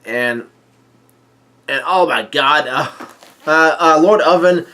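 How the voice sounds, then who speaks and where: A man's voice: fairly high pitch, slow pace, pushed and bright, slight background noise. A man casually reading through a manga chapter, hesitant and full of fillers and restarts. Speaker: manga reader and commentator.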